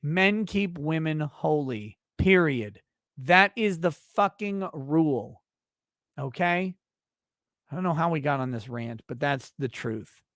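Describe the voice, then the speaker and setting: A man's voice: a little high, expressive, slow pace, fairly bright tone, no room sound, studio quality. Blunt, profane man ranting. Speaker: livestream show host. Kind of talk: casual livestream rant.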